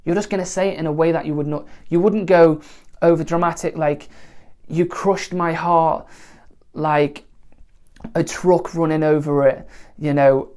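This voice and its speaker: A woman teaching songwriting in a relaxed, conversational way, often pausing to check in with the listener. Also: low-pitched. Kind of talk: spoken songwriting lesson to camera.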